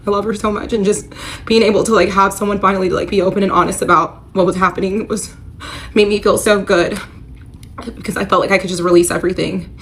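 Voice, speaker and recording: In a confessional vlog, a woman tells the painful story of her marriage, candid and emotional, leaning on the filler "like" a lot and growing tearful at moments. Her mid-range voice is fairly bright and steady in tone, with a quick pace. There's slight background noise.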